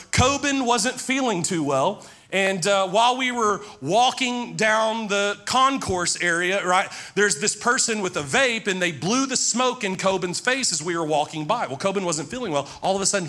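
A man in his forties preaching as a pastor, telling personal stories in a conversational way and praying in a low, soft voice. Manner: conversational storytelling, drops low and soft in prayer. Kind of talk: sermon with prayer and personal stories.

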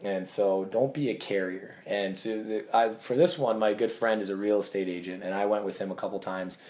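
Lively man telling sales stories. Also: fairly low pitch, a little fast. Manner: animated storyteller, acts out quoted dialogue. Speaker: guest. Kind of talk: casual interview talk.

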